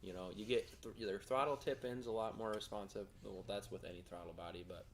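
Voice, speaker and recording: A low-voiced man talks through car mods on a podcast. He pauses and fills gaps with uh and you know. A light hiss sits underneath. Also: steady tone. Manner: halting, filler-heavy explanations. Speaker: podcast co-host. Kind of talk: casual shop-talk podcast.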